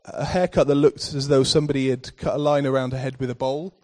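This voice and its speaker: A man's voice: medium pitch, steady tone, fast, darkish tone. A man preaching a sermon in church, telling a personal story before building to emphatic scripture readings.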